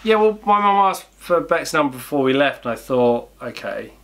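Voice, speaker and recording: A man's voice: fairly high pitch, expressive, moderate pace, a bit bright. A young man, chatting casually on a vlog in a dry, self-deprecating way. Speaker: vlogger's partner. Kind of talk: casual chat.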